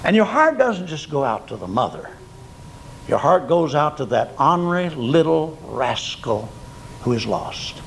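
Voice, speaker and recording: Folksy, gravelly older preacher. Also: male voice, very animated, a little slow, a little hiss or hum, low-quality recording. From Oklahoma. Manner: folksy storytelling, swinging from loud emphatic peaks to quiet low drops. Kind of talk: sermon.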